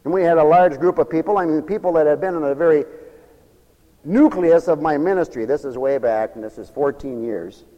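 A man with a high voice preaches an emphatic, folksy sermon. He tells stories and calls for amens. His voice rings out with a long reverb, as in a large hall. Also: fairly quick, muffled recording.

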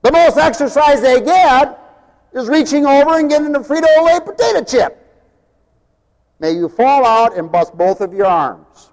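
Animated high-voiced preacher in a reverberant hall. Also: male voice, normal speed. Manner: animated, mocking, wide swings in loudness. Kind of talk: sermon.

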